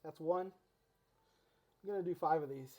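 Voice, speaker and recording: A man's voice: a little high, moderate pace, dull audio. A middle-aged man talking casually through his stretching routine, a little out of breath, rambling with fillers and restarts. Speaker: fitness vlogger. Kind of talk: casual talk while exercising.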